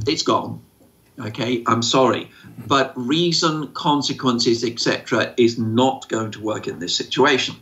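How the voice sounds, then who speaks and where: A man's voice: mid-range voice, unhurried, fairly bright tone. A man who answers questions as an autism expert, speaking informally with many fillers and acting out quoted voices. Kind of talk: informal explanatory talk. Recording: slightly dull lo-fi sound.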